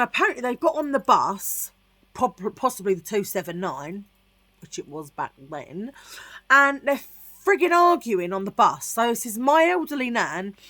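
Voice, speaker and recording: Speaking with a London accent, this middle-aged Tottenham woman chats on her vlog, wandering through a personal story with plenty of digressions. Her voice is medium-pitched, bright and forceful, recorded with no room sound.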